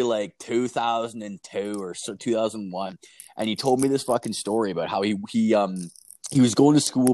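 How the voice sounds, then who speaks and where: Rambling, swearing young man, low voice. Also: a little mellow. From Canada. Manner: rambling, heavy swearing, lots of fillers. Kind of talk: casual chat, storytelling.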